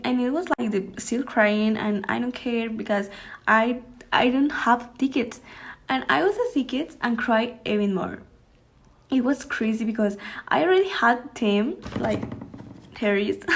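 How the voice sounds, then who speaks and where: Woman, teens, Spanish speaker, hesitant, slightly high pitch, slow unhurried delivery. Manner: hesitant, halting, frequent restarts and fillers. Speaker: student. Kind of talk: homework anecdote in English.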